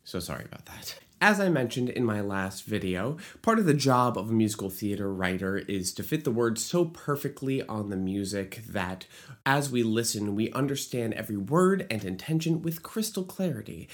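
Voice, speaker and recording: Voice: medium pitch, expressive, moderate pace. A musical theater writer explaining lyric writing in an educational video, with playful asides and short sung examples. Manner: playful asides, jokes about own bad accent.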